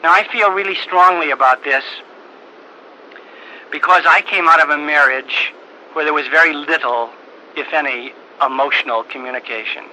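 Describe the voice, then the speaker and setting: An older man, a priest, telling a personal story in a halting, earnest way with frequent repeated words. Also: fairly high pitch, sharp tone, low-quality recording. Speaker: priest giving a talk. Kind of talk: storytelling talk. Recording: old tape recording with faint hiss.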